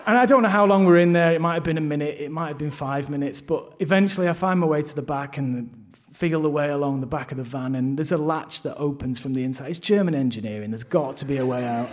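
A man's voice: fairly high pitch, fast, hardly any pauses. Wry man telling a story. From London, England. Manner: self-deprecating, wry, frequent restarts. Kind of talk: live first-person storytelling. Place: theatre stage.

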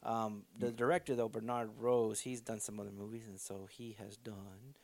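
A man's voice: lowish voice, little pitch movement, moderate pace, a little mellow, no room sound. A man hosting a casual movie-talk podcast, reading film details in a loose, profane way. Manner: loose, profane, reads synopsis off-handedly. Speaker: podcast host.

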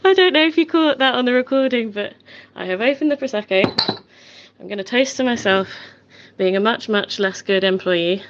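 A woman's voice: fairly high pitch, normal speed, noisy background. Female caller with a frank, defiant voicemail, sweary delivery, on a dull lo-fi phone recording. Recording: dull lo-fi voice message.

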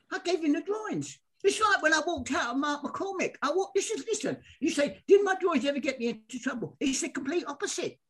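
An older man, a guest sports artist, telling stories in a lively way and acting out the people in them. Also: extremely high pitch, husky. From England. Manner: animated, acts out the people in his stories, repeats himself. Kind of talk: lively anecdotal storytelling.

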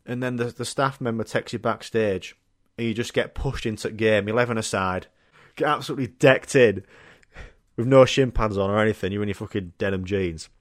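A man's voice: on the low side, a little fast, no room sound, clean studio sound. Young male podcast host, rambling sweary comic monologue, laughs a lot. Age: young adult. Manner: rambling, swearing, laughing, acting out voices of people in his stories.

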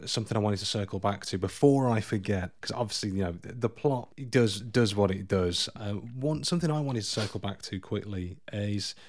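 Low-voiced, wry podcast host. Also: male voice, normal speed, few pauses. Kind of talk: casual film podcast chat.

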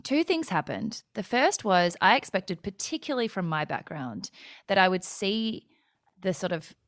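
A woman's voice: medium pitch, big pitch swings, normal speed, no echo, studio quality. A woman in her thirties with an Australian accent, telling her story in a talkative interview chat that wanders off on tangents. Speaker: guest.

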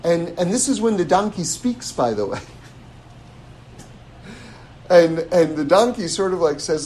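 A man teaching a scripture class in a lively, casual way, chuckling and repeating words as he thinks. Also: on the high side, a little slow, a little hiss or hum, rough recording. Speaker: religious teacher.

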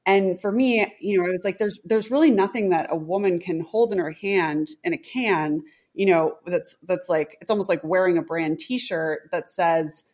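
Chatty woman founder, lowish voice. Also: normal speed, few pauses, a little mellow. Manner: chatty, many fillers. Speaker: brand founder. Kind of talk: interview answer.

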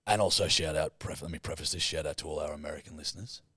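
A man's voice: extremely low pitch, fast talker, slightly rough, no echo, clean studio sound. A man co-hosting a podcast, teasing and swearing in casual comedy banter. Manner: crude, teasing, animated. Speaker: podcast co-host.

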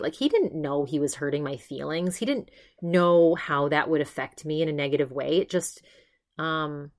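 A woman with a slightly low voice talks through a podcast episode in a loose, chatty monologue. She rambles, restarts her sentences, and keeps slipping into "she's like" to retell what others said. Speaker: podcast host. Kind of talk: casual monologue review.

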